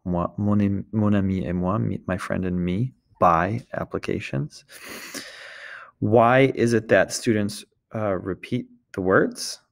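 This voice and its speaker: A man's voice: lowish voice, a little slow, creaky. A man teaching a recorded French lesson, explaining step by step and often checking in with the class.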